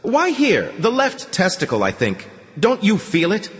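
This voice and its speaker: A man narrating an audiobook and voicing a smooth camp doctor who talks in a sing-song way with a foreign accent. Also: high-pitched, wildly swooping pitch, a little slow, pitched above the performer's own voice, exaggerated voice. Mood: oily, probing. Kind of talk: audiobook character voice. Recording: long hall reverb.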